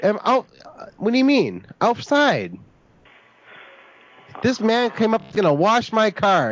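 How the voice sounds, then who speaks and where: A man makes a prank call in a high, stammering voice, sounding indignant and confused. His pitch leaps around animatedly. The recording is dull and lo-fi. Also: huge pitch swings, measured pace, pauses often, a bit bright. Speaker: prank caller.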